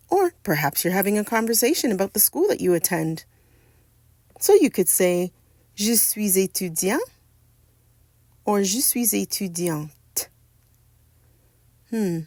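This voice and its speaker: A woman narrates a French lesson at an unhurried pace, with a gravelly, creaky edge to her voice. She spells out and stresses each phrase with care. The sound is dry and close, with no room around it. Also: fairly low pitch, a little mellow, no echo. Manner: slow, careful, spells out and stresses French words. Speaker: French teacher.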